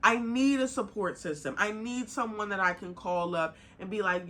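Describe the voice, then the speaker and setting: A young woman hosting a podcast, talking bluntly and emphatically in a casual monologue, swearing freely and rising in heat before calming herself. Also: a little high, moderate pace, hardly any pauses. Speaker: podcast host.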